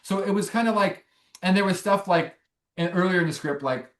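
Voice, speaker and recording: A young man, a filmmaker guest, telling a long story in a rambling, animated way with many restarts. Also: high voice, fairly quick, reverberant. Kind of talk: casual interview storytelling.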